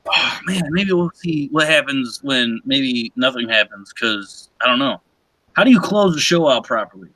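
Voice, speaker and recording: Bright, brash man co-hosting a stream. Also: mid-range voice, animated, normal speed, dry recording, low-quality recording. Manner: rambling, joking, slips into put-on voices. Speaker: co-host. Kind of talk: casual banter on a livestream show.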